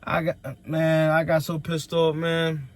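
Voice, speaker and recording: A man, a trucker vlogger, telling a story as a casual rant and acting out quoted dialogue in an animated way. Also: a little high, takes it slowly. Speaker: owner-operator trucker vlogger.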